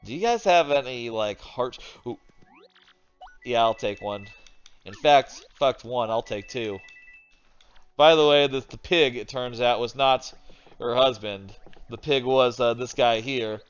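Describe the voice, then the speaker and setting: A man's voice: mid-range voice, unhurried, clear, resonant tone, muffled recording, faint music behind. Chatty man streaming games at his desk. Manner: rambling and chatty, thinks aloud, swears casually. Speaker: streamer playing video games. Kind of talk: casual live-stream commentary. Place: home desk. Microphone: desk microphone.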